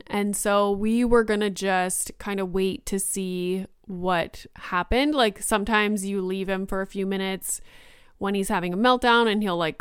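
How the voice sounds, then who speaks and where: A woman's voice: medium pitch, smooth, no echo, studio quality. A young woman hosting a podcast, telling a story in a chatty way and filling her speech with "like". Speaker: podcast host. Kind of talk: casual storytelling monologue.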